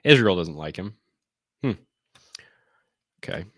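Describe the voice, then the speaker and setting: A man's voice: low-pitched, animated, slow, no room sound, clean studio sound. A man giving blunt, sarcastic, rambling commentary on survey charts during a casual live stream. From United States.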